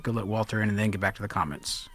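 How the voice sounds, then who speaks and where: A man's voice: fairly low pitch, racing, a bit bright. A man hosting a casual live stream, chatting loosely and reading viewer comments aloud. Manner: loose and chatty, drops in mild swearing.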